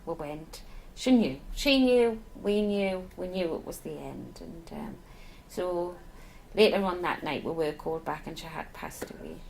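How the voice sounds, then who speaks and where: Nurse telling a story. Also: female voice, fairly low pitch, sing-song, a little slow, creaky, few pauses, slight background noise, rough recording. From Northeast England. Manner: warm, candid, emotional at times. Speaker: palliative care nurse. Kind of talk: documentary interview, personal storytelling.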